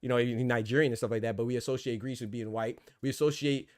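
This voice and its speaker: A man hosting a boxing podcast, talking fast in casual debate and repeating words as he thinks. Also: mid-range voice, steady tone, no room sound, studio quality.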